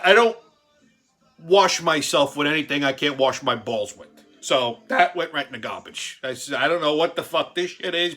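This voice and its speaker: A man's voice: fairly high pitch, sharp tone. A man, telling a crude, profane comic story as host and acting out the quotes. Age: 40s. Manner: brash, crude, swears constantly, acts out quotes. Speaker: show host. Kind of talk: profane comedic storytelling monologue.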